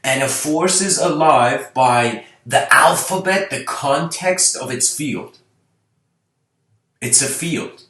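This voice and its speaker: A man's voice: a little high, slow, sharp tone, echoey room, poor audio. A man giving an unscripted spiritual talk, musing aloud and full of rhetorical questions. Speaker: spiritual lecturer.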